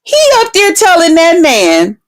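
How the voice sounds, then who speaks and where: A woman, telling a story in a casual vlog, animated and swearing, acting out quotes with big swings in her voice. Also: medium pitch, moderate pace. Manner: swears freely, talks straight to her viewers.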